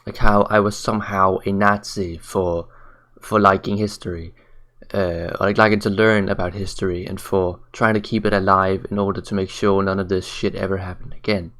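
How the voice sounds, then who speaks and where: A man's voice: sits low, flat delivery, moderate pace, a bit bright. A man ranting on camera in a blunt, profane, mocking way, tired late at night. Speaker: commentary vlogger. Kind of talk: ranting commentary.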